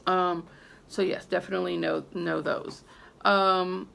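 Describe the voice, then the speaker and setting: A woman's voice: lowish voice, fairly even intonation, slow, vocal fry, fairly bright tone, slight background noise. A woman talking loosely to her viewers about growing and using herbs, rambling with many fillers and restarts. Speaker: herbalist teaching about herbs and spell work. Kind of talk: casual unscripted video talk to viewers.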